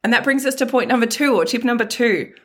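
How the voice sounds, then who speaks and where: A woman's voice: a little high, fast talker, a bit bright, slightly rough. A woman hosting a motivational self-help talk, speaking frankly and casually with some mild swearing and lots of emphatic repetition. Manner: emphatic, repeats key phrases. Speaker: self-help podcast host.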